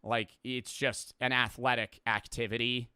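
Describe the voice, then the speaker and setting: Bright, crisp young streamer guy. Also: mid-range voice, flat delivery, a little slow, no room sound, studio quality. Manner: rambling, profane, offhand. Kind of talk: casual reaction commentary.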